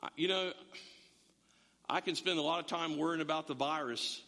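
A middle-aged male pastor preaches with a high, bright, forceful voice that rings through a long hall reverb. He talks in an animated, joking way, stumbling over restarts as he goes. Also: moderate pace, gravelly. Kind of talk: sermon.

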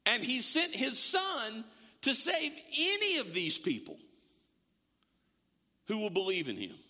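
A man's voice: very high voice, huge pitch swings, unhurried, sharp tone, in a large hall. A man preaching a sermon to a congregation, emphatic and often repeating words as he builds a point. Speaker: pastor.

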